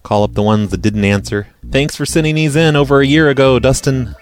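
A man's voice: mid-range voice, a little fast. Guy hosting a prank call show, dry sarcastic and crude, faint music behind. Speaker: show host reading voicemails. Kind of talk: casual call-in show chat.

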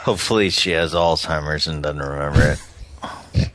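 A man co-hosting a prank call show, joking crudely and deadpan. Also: rumbling low, normal speed.

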